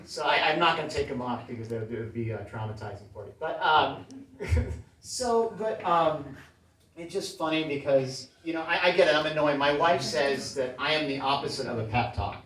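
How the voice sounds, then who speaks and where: A man doing a stand-up comedy set in a small club, with a deadpan, self-deprecating delivery. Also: fairly high pitch, moderate pace. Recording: roomy club sound from a far mic, crowd laughing. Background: audience laughter.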